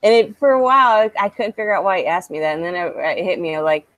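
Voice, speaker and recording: Casual podcast woman: lowish voice, dry close sound, chatty and profane. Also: animated, quick pace, fairly bright tone, dry recording. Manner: chatty, swears freely, laughs often. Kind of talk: casual chat.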